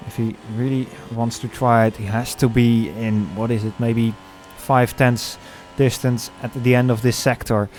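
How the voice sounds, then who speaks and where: A man commentating a sim race, calling the action with many pauses and fillers. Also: mid-range voice, steady tone, a little mellow, a little hiss or hum. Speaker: lead commentator.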